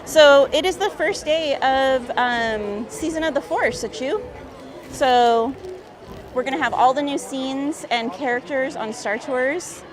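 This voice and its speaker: A woman's voice: sits high, slow. A woman live-streaming from a theme park, chatting casually and reading viewer comments aloud. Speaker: livestream vlogger. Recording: busy crowd noise outdoors. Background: park crowd noise.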